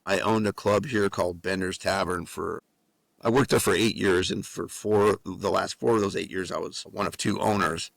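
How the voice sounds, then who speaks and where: A man from New Mexico, a guest author and musician, telling an animated story on a podcast with a lot of swearing. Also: on the low side, vocal fry, dry recording. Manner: animated storyteller with frequent profanity. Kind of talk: casual storytelling.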